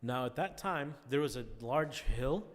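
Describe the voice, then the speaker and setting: Male class teacher, conversational lecture style, medium pitch, reverberant classroom sound. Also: expressive, unhurried. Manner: conversational, checks in with "all right?" often. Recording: long reverb.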